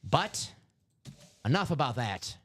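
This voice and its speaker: Man, live card-break host, casual stream patter, excitable, rambling, mid-pitched voice. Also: takes it slowly, slight background noise. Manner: chatty, excitable, rambling with fillers.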